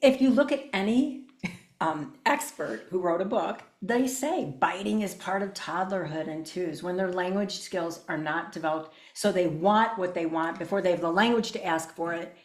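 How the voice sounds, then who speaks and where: A woman's voice: fairly low pitch, normal speed. An older woman, a child mental health specialist, talking as a podcast guest and telling stories with small stammers. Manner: animated storytelling with small stammers. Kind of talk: casual conversation. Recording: roomy echo.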